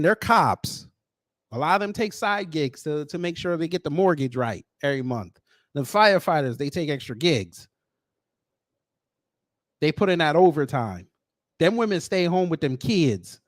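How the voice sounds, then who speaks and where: A man's voice: fairly high pitch, moderate pace, pauses often, no room sound, studio quality. Sardonic man giving casual commentary. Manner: animated, sardonic, conversational. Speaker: commentary channel host.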